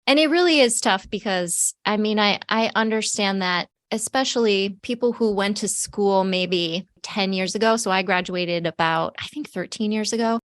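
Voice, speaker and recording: Woman, podcast host, middle pitch, thoughtful explainer, dry recording. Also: normal speed, few pauses, dry recording. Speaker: podcast host, marketing teacher. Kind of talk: podcast interview.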